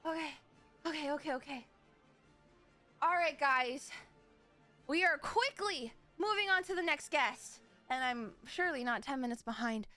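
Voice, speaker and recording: A woman's voice: high-pitched, lively intonation, moderate pace, pauses often, bright, forceful tone, soft background music. A woman hosting her live stream, chatty, giggly and a bit scattered as she welcomes guests. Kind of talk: casual live-stream chat.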